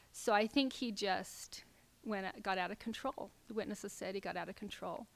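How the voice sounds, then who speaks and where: Brief: middle-aged woman, plain mid-pitched voice, halting personal storytelling, slips into near whispers. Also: fairly even intonation, gravelly, sharp tone. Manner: halting, with fillers and restarts, dropping at times to a near whisper. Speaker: speaker telling a personal story.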